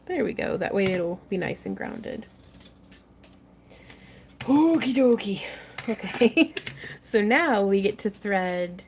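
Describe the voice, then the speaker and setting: A woman's voice: medium pitch, animated, slow, long pauses, a little mellow, a little hiss or hum. A young woman hosting a casual craft tutorial livestream, chatting, laughing often and reading viewer comments aloud as she works.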